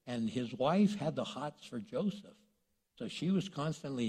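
A man preaching a sermon, retelling a story in a lively, conversational way and acting out the characters. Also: medium pitch, a little slow, husky. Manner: animated storytelling, acts out characters. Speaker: pastor. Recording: long reverb in a large hall.

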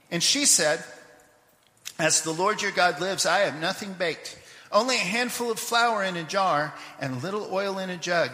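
A man preaching a sermon, telling a scripture story in a lively way with asides to the congregation; he grew up in Papua New Guinea. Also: sits high, moderate pace, reverberant, in a large hall. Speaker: pastor. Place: church sanctuary.

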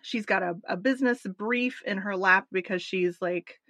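A woman's voice: medium pitch, moderate pace, dry recording. Chatty woman podcast co-host. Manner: animated, recapping a documentary with asides. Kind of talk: casual chat.

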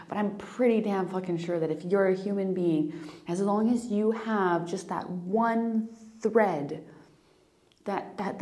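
Young woman host, lowish warm voice, raw and confessional delivery. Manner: emotional, confessional, frequent swearing and restarts. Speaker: podcast host. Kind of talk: candid personal monologue.

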